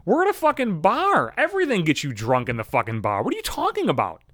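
A man's voice: high-pitched, wildly swooping pitch, fast, fairly bright tone, no room sound, studio quality. A man in his thirties telling a comic story as a profane monologue, swearing constantly and working himself up into rants. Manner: swears constantly, gets worked up and ranting.

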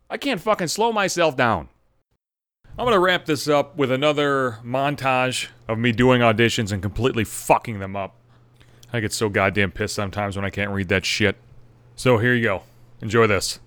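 A man's voice: mid-range voice, a little fast, a bit bright, no room sound. A man hosting his own podcast as a voice actor, ranting in a profane, exasperated monologue that keeps escalating, recorded on a studio podcast mic.

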